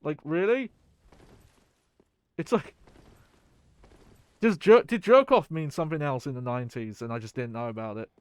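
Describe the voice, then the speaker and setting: A man's voice: a little high, moderate pace, long pauses, smooth, no echo. A man streaming a video game, rambling casually and chatting with his viewers. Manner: rambling, chatty, swears and laughs. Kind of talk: casual gameplay commentary.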